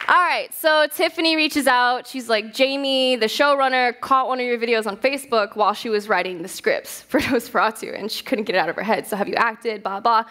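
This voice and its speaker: A woman's voice: on the high side, a little fast, few pauses, bright, forceful tone. A young woman giving a casual, candid stage talk at a festival, telling stories with lots of swearing and laughter. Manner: candid, profane, laughs often. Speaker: festival speaker.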